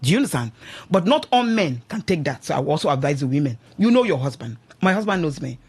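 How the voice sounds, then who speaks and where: In a radio studio, a middle-aged Nigerian woman gives preachy, sermon-like marriage advice, emphatic and exhorting, repeatedly asking listeners "do you understand?". Her voice is low-pitched, sing-song and a little mellow with a breathy edge, and she speaks at a quick pace.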